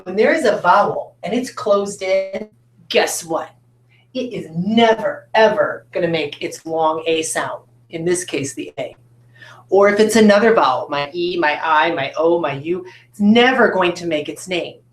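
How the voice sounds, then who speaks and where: A woman teacher leads a recorded phonics lesson in a classroom, upbeat and direct with her students. Her voice sits fairly low. The room around her is echoey, picked up by a camera mic. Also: a little slow. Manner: upbeat, talks straight to students with frequent checks like "right?". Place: classroom with a whiteboard.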